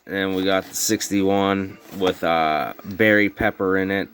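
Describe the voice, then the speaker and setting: Low flat-voiced man rambling about tapes. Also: a little slow. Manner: rambling, filler-heavy, informal grammar. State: snuff in mouth slurring words. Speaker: VHS collector vlogger. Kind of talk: casual show-and-tell. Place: home bedroom.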